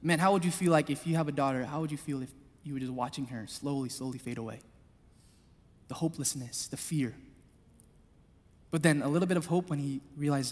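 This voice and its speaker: A man preaching a sermon, passionate, moving between loud appeals and hushed storytelling. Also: on the high side, fairly quick, long pauses. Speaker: pastor. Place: church hall. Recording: long hall reverb.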